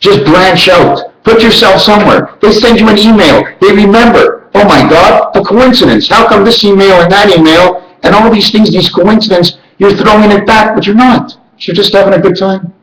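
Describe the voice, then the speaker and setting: A man's voice: moderate pace, hardly any pauses, fairly bright tone. Rambling man in an echoey room. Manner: rambling, rhythmic counting and chanting, sudden jumps in pitch. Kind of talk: rambling monologue.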